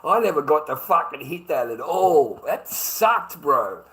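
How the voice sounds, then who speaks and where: This low-quality recording captures an Australian man delivering a profane, repetitive rant, stammering through restarted sentences. His fairly high, fairly bright voice swings widely in pitch, and he takes his time.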